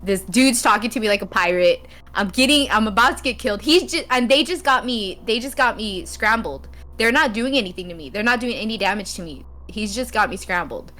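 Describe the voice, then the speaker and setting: Laughing, animated woman telling a story. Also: medium pitch, a little fast, hardly any pauses. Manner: animated storyteller, laughs often, acts out quotes. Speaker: podcast guest, game streamer. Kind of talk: casual interview storytelling.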